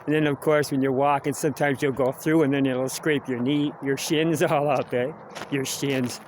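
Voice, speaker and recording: A man's voice: mid-range voice, steady tone, normal speed, background noise. Rambling Canadian man vlogging outdoors. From Kingston, Ontario, Canada. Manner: chatty, wandering, tags "eh" onto sentences. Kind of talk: rambling live vlog. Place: outdoors, walking near a quarry and cemetery.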